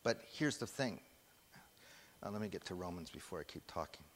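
A man's voice: sits low, lively intonation, fairly quick, slight background noise. A man preaching a sermon, emphatic, putting questions to the congregation and waiting for their answers. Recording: long hall reverb.

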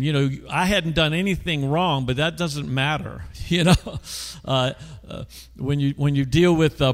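Man, pastor, storytelling sermon, slightly high voice, long echoing reverb. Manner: storytelling, asks the congregation questions. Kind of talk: conversational sermon.

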